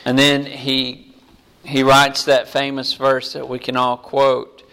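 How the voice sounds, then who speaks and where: A man preaching a sermon, reading scripture passages aloud slowly and deliberately. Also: medium pitch, monotone, bright, forceful tone, clean tone.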